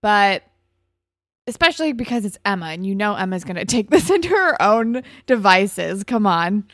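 Woman, middle pitch, casual podcast recap, plot summarizing, dry sound. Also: normal speed, dry recording. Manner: steady plot summarizing with "like" fillers and small restarts. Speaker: podcast co-host.

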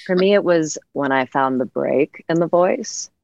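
A woman's voice: low voice, unhurried, gravelly, darkish tone, no echo. An actress speaking in a reflective roundtable conversation, searching for her words with frequent restarts. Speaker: actress guest. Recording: dull, dry sound.

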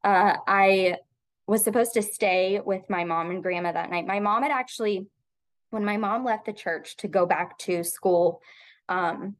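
Earnest woman in her thirties telling a personal story. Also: medium pitch. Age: 30s. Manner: earnest, heartfelt, halting with frequent ums. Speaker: podcast guest; teacher.

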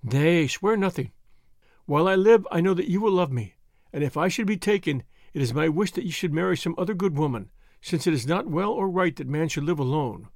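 A man's voice: fairly high pitch, animated, a little fast, vocal fry, dry recording, studio quality. Man voicing a tender, sorrowful young woman. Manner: soft and solemn. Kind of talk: audiobook reading.

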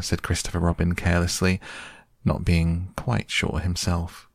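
A man reads a children's story softly and calmly, as if to help someone sleep. His voice is very low with a gravelly creak, recorded close and dry. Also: no room sound. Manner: soft, slow, calm. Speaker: podcast narrator. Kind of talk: soft bedtime storybook reading.

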